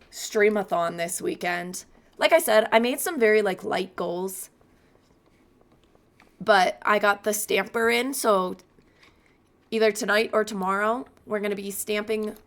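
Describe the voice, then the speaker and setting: A chatty young woman streams a farming game from her room and talks into a boom-arm mic. Her voice has a gravelly fry and sits at an ordinary pitch for a woman. She rambles easily between the game and her cat. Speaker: gaming streamer. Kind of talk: casual gameplay chat.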